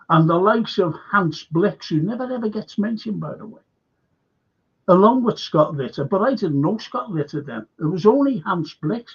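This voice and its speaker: Livestream host: man, gravelly and husky voice, slightly high pitch, rambling chat style, dull lo-fi audio. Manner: rambling, reads viewer comments aloud, trails off mid-sentence. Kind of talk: casual current-affairs livestream chat.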